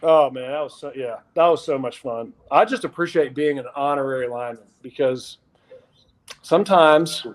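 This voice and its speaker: A man, a former punter, telling stories as a podcast guest, lively and acting out what others said. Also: mid-range voice, normal speed. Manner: lively storyteller, acts out quotes. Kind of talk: casual podcast chat, storytelling.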